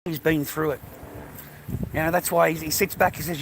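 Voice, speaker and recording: A man's voice: on the high side, fairly even intonation, normal speed, pauses often, very noisy. An older Australian man vlogging, rambling in a profane, ranting way and calling the viewer mate. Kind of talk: rambling casual monologue to camera.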